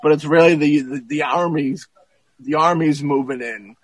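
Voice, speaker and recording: A man in casual podcast chat, retelling a film plot in a rambling, profane and animated way, with many restarts. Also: fairly high pitch, normal speed, slightly rough, dry recording, poor audio.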